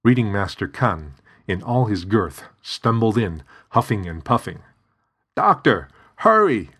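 Deep, husky male storyteller. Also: unhurried. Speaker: narrator. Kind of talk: scripted narration.

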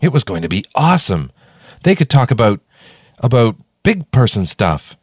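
A man narrating a children's story in a playful, expressive way. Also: medium pitch, normal speed, slightly rough, no echo, studio quality.

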